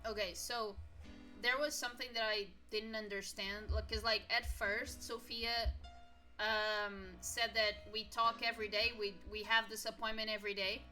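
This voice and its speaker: Bright-voiced woman reading a story game. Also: medium pitch, level tone, soft background music. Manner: casual, thinking aloud, halting with fillers. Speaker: gaming streamer. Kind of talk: reading and commenting while playing a story game.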